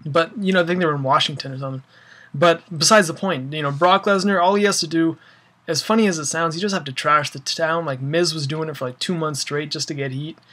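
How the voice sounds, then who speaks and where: A man's voice: fairly high pitch, steady tone, fast talker, fairly bright tone. A young man ranting casually about wrestling, rambling with lots of fillers and an exasperated tone. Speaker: wrestling fan vlogger. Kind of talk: casual opinion rant.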